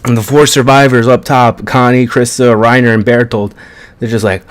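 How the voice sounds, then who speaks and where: A man casually recapping an anime episode in an excited, chatty way, with plenty of swearing. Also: mid-range voice, normal speed. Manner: excited, profane, chatty storytelling. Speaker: anime reviewer.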